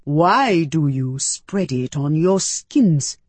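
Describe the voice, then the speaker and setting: A cold, alien jellyfish creature, put on by a woman narrator speaks in slow, measured, commanding questions. Its tone sounds oddly unlike an ordinary human voice, lowered and weighty. The recording is close and dry, with no room sound. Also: lively intonation, a little mellow, breathy edge, dry recording, heavily acted. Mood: firm. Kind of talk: audiobook character voice.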